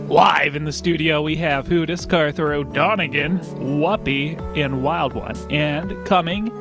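A man hosting a comedy radio show and making prank calls in a playful, deadpan way. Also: a little high, measured pace, over music.

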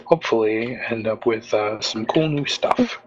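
A man's voice: lowish voice, normal speed. A young man chats casually on a live stream, rambling and cursing with a dry, sarcastic edge. His voice sounds somewhat muffled, with heavy noise running underneath. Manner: rambling, swears freely, deadpan sarcasm. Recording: muffled audio with loud background noise.

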